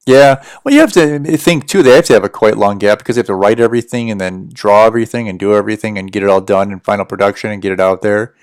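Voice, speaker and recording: A man's voice: fairly low pitch, fast, few pauses, clean tone, no echo, clean studio sound. A man from the United States with a general American accent, rambling casually as he chats to viewers on a livestream. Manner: rambling, chatty, answers viewer questions. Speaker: livestream host.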